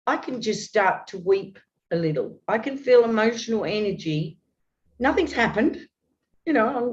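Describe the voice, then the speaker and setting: A woman in her fifties, a guest talking earnestly and at length, with many restarts. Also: medium pitch. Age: 50s. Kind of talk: open, heartfelt conversation. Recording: dull lo-fi audio.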